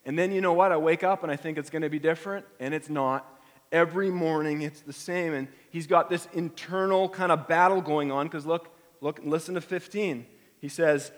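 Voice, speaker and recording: In a hall with long reverb, a middle-aged pastor delivers a sermon in a chatty manner, his voice a little high and his pace moderate. He performs the feelings behind each quotation he gives.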